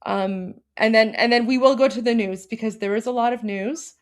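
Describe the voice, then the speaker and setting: A woman's voice: fairly high pitch, moderate pace. A young woman hosting a political livestream, talking casually and emotionally to her viewers with many fillers and restarts.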